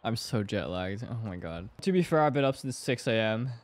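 A man's voice: fairly low pitch, animated, moderate pace, no echo. A young man playing a horror game, reacting with jumpy, joking commentary and reading lines aloud. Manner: jumpy, swears and laughs at scares, reads game lines aloud. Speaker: gaming streamer.

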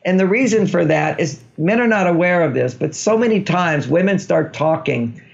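A man with a high, gravelly voice explains his ideas in a playful, easygoing interview style. The audio is dull and lo-fi. He chuckles freely as he talks. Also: lively intonation, moderate pace. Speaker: author guest. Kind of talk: conversational interview.

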